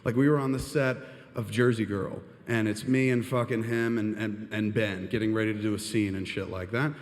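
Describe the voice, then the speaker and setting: A man telling a long, animated anecdote on stage, rambling and swearing as he goes. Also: on the low side, moderate pace. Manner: animated, profane, rambling with "and shit". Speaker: storyteller on stage. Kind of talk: live storytelling monologue. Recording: long reverb of a live hall.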